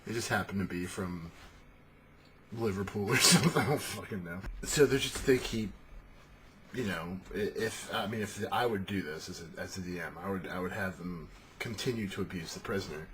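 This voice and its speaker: A man with a lowish voice rambles through a casual monologue about tabletop gaming. He swears freely and is animated. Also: moderate pace, a little hiss or hum. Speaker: tabletop game talker.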